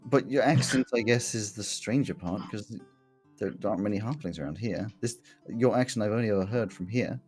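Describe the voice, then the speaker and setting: A man's voice: fairly low pitch, a little fast, darkish tone, husky, faint music behind. A man running a tabletop game as game master, with a dry, wry way of talking.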